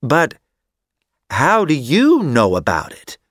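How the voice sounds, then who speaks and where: A man's voice: mid-range voice, wildly swooping pitch, slow, fairly bright tone, no echo, clean studio sound, voice pushed up, full character voice. A man voicing a polite, rich tourist.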